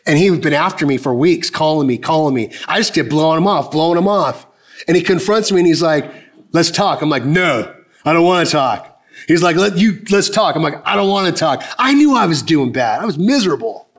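A man in his fifties delivers a sermon to his church, his voice sitting a touch higher than most men's. He carries his message through personal stories, slipping into other people's words by lowering his voice to play them. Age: 50s. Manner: storytelling, acting out dialogue in lowered voices. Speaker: pastor.

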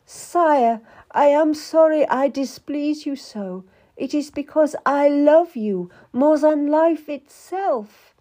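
A passionate young queen from a storybook, jealous and quick to tears, with a voice pitched well above the reader's own, as a woman reader puts her on. She pleads in a strained, lifted tone. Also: dark tone. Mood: pleading.

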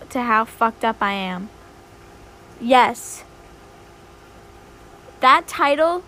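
A woman's voice: on the high side, a bit bright, slight background noise. A young woman hosting her own podcast, rambling and swearing a lot in a dramatic, casual chat. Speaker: podcast host.

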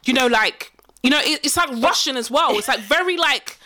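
A woman's voice: high voice, animated, fairly quick, sharp tone. A woman chatting casually, circling her points with plenty of "like" and "you know". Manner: rambling, heavy use of fillers. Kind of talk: casual chat.

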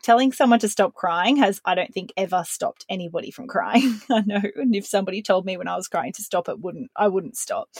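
A woman in her thirties talks through her parenting ideas in a calm, earnest podcast monologue. Her voice sits in an ordinary middle pitch, and the recording is dry and close, with no room sound. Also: no room sound. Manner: calm, earnest, explaining with analogies. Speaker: podcast host.

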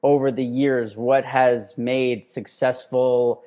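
A young man co-hosting a podcast in casual chat, an animated storyteller who acts out the people he quotes. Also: medium pitch, takes it slowly. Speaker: podcast co-host.

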